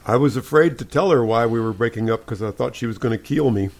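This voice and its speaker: A man co-hosting a comedy podcast, delivering pun after pun in a dry, deadpan way. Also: mid-range voice, fast talker, vocal fry. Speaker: podcast co-host. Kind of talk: pun-filled comedy banter.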